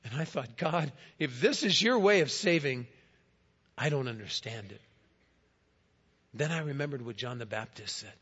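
A man, a guest speaker in a church, giving a first-person dramatic monologue in a storytelling manner, swelling loud and then dropping quiet. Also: medium pitch, animated, normal speed, long pauses, breathy edge. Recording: dull lo-fi recording.

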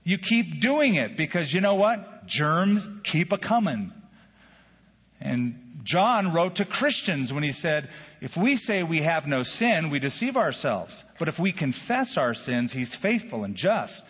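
A husky, slightly high-voiced man preaches from the pulpit, animated and playful as he acts out little prayers. His voice rings through a big church hall with long reverb. The recording sounds dull and lo-fi. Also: unhurried. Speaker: pastor. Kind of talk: sermon.

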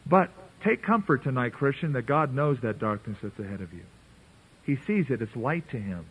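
A man's voice: mid-range voice, expressive, normal speed, breathy edge. A man preaching an earnest, conversational sermon, playfully voicing biblical characters as he reads. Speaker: pastor. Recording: tinny phone-like radio broadcast.

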